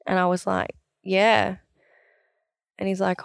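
A young Australian woman, an athlete, telling her story in a chatty, animated way, full of "like" and quoted dialogue. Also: medium pitch, a little slow, gravelly, clear, resonant tone, no echo, studio quality. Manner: chatty, animated, quoting herself with "like". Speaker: athlete interviewee. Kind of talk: casual storytelling interview.

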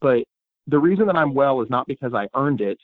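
A man speaks reflectively, pausing and restarting often. He comes through a tinny, phone-like line. The sound is dry and close. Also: mid-range voice, expressive, dry recording. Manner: reflective, halting, many restarts. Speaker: podcast guest. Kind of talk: casual chat.

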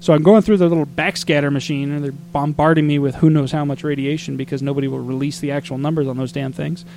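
A man from Arizona telling a travel story in casual podcast chat, exasperated and animated, acting out what people said. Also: fairly high pitch, quick pace, creaky, slight background noise.

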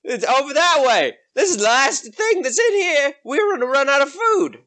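A game master voicing a slow, greedy ogre with a raised, loose voice. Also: high voice, sing-song, bright, forceful tone, pitched above the performer's own voice, exaggerated voice. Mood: dim-witted. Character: dim-witted male ogre, slow and greedy.

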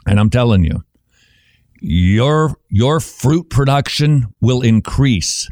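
A male preacher delivering a sermon with a very lively, swinging pitch. He teaches conversationally, leaning on rhetorical questions and acted-out examples, shifting his pace for emphasis. The recording is dry and close. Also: slow, no echo.

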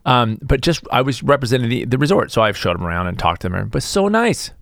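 A man's voice: medium pitch, animated, fast, gravelly, a bit bright, no echo, clean studio sound. A man hosting his own show, talking in a rambling, self-deprecating, stop-start comedic monologue. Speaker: host.

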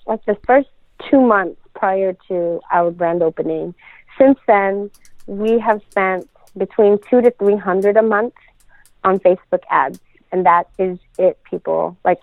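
A woman's voice: medium pitch, dry recording. Casual female co-host, talkative, laughs a lot, thin lo-fi phone-quality audio. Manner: chatty, laughs often, many fillers. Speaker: podcast co-host, dental practice owner. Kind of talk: casual podcast chat. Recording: tinny phone-like sound.

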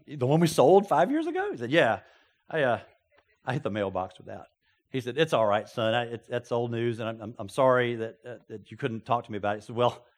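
Animated preacher, lively pitch. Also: male voice. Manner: animated storytelling, folksy asides, bursts of loud exclamation. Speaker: pastor. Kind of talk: sermon.

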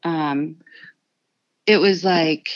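A woman in her thirties, an anesthesia student and mother, telling stories on a podcast in a lively, animated way. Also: deep voice, extremely slow, dry recording. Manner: animated storytelling, acts out her own quotes. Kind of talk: casual podcast chat. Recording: slightly dull dry podcast audio.

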